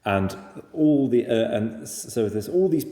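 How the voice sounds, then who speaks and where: A man's voice: medium pitch, expressive, unhurried, mellow, echoey room, in a large hall. A man with a strong Dumfries and Galloway Scottish accent, chatting as a podcast guest in a musing, self-deprecating way that trails off and restarts. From Dumfries and Galloway, Scotland. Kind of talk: casual chat.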